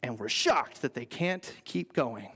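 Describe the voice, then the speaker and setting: A man's voice: mid-range voice, expressive, measured pace, a bit bright, husky. A man, the pastor, preaching a sermon in an earnest, conversational way with playful asides. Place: church sanctuary. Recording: long reverb in a church hall.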